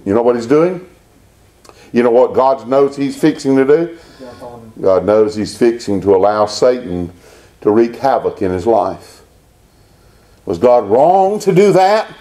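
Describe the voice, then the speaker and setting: A pastor preaching a Baptist sermon, rising into emphatic bursts and reading scripture aloud. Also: male voice, mid-range voice, animated, unhurried, pauses often, warm tone.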